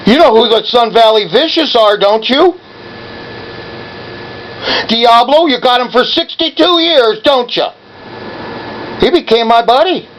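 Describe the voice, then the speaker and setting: A man's voice: very high-pitched, lively intonation, unhurried, pauses often, fairly bright tone, slight background noise, rough recording. A man in his seventies calling an office and berating the person on the line, confrontational and badgering. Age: 70s. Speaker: caller. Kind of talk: angry phone call.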